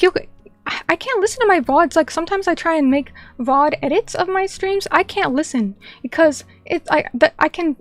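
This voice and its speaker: A young woman chatting casually on a stream, reading viewer comments and rambling with lots of filler words and restarts. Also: high-pitched.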